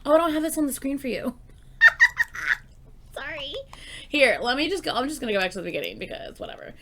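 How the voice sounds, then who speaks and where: Gushing, excitable woman with a high-ish voice. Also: racing, very noisy. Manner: gushing, excitable, swears freely; chatty filler-heavy talk with many "like"s. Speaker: music reaction YouTuber. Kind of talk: casual album reaction commentary.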